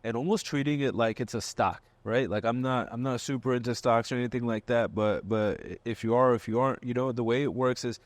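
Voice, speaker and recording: A man's voice: mid-range voice, fairly even intonation, a little fast, hardly any pauses, no echo. A man as a podcast guest who explains car values step by step, often checking in with "right?". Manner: laughs easily, jokey with host. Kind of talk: casual podcast chat.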